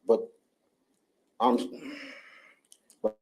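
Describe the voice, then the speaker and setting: A man reading his prepared statement in court, halting, with restarts. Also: darkish tone, poor audio.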